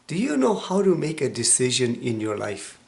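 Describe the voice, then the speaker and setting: A man in his sixties with a cold-roughened, hoarse voice, giving an emphatic motivational self-help talk that sometimes drops to a hushed whisper. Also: medium pitch, huge pitch swings, normal speed. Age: 60s. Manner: emphatic preaching, dropping to a hushed whisper for stress. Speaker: motivational vlogger.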